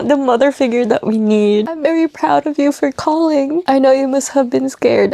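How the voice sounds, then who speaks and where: A high-voiced young woman talks straight into a close mic in a dry, deadened space. She gushes and laughs between thoughts as she reacts to what she reads, caught up in her feelings. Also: gravelly, a little mellow, no echo. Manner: emotional, gushing, laughing between lines. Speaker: book vlogger. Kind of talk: casual reading vlog chat.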